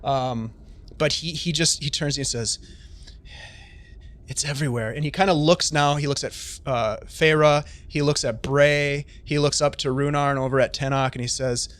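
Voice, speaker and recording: A man's voice: a little high, steady tone, moderate pace, fairly bright tone, clear, resonant tone. A man narrating a tabletop game on a live stream as game master, chatty and full of fillers.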